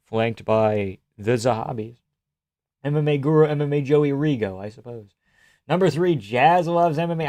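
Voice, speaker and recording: A young man hosts a live stream from home, rambling and joking as he reads out viewer chat. His voice sits at an ordinary middle pitch, and the sound is close and dry with no room behind it. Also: no room sound. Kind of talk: casual live-stream commentary.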